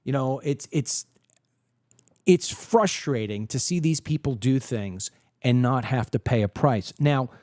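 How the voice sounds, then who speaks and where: A man hosting a political podcast, giving opinionated commentary and acting out quoted people in an animated storytelling way. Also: mid-range voice, a little slow, no echo, clean studio sound.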